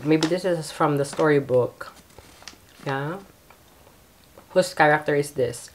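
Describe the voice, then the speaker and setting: A woman hosting a pageant reaction video, speaking softly with many hums and apologies, with a Filipino accent. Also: sits low, unhurried, pauses often, slight background noise. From Philippines. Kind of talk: casual reaction commentary.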